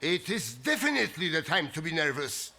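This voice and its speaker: An actor playing a frantic, theatrical male bookseller who shouts and wails over a stolen book. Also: very animated, brisk, crowd noise. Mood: outraged. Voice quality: shrill and melodramatic.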